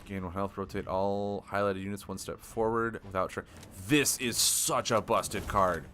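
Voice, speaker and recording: A man streaming a card game live, thinking aloud with excitable, self-deprecating commentary. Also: on the low side, a little slow, a little hiss or hum.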